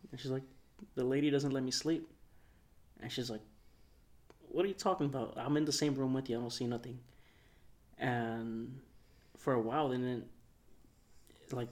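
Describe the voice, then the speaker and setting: Soft-spoken man rambling through a story. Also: mid-range voice, normal speed, pauses often. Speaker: podcast co-host. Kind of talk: casual storytelling.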